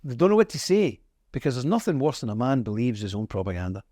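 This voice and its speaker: A man's voice: sing-song, fast, dark tone, dry recording, studio quality. Emphatic Northern Irish man. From Northern Ireland. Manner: emphatic, storytelling, swings in pitch. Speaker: interview guest. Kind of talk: conversational interview.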